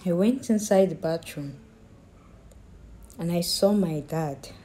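Woman talking real slow, stumbles and repeats herself, sounds hurt and accusing. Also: on the low side, dark tone, slightly rough. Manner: halting, repeats words, pleading and accusing tone. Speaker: grieving daughter telling her story. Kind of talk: emotional personal account.

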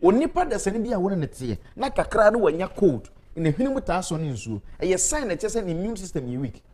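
A man speaking persuasively as a talk-show guest, repeating details slowly and clearly. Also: high-pitched, big pitch swings, darkish tone. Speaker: guest promoting a health product. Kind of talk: casual talk-show chat, mixing Twi and English.

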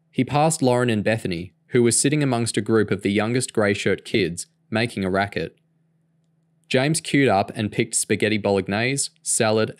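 A man reading a novel aloud in a steady, even storytelling manner. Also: fairly low pitch, dry recording, studio quality. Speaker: audiobook reader.

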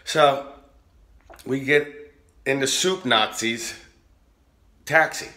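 A man telling a rowdy, profane anecdote in a casual, animated way. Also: mid-range voice, drawn-out words. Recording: roomy echo.

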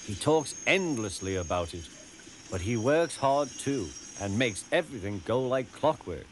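A man narrating a children's cartoon in a gentle, expressive storybook style. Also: medium pitch, a little slow, slight background noise. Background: music.

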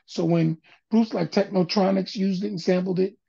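A man's voice: high voice, normal speed, vocal fry, breathy edge, dull audio. An older man, a music producer and guest, telling stories in a casual interview and acting out other people's voices as he goes. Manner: animated storyteller, acts out quoted voices.

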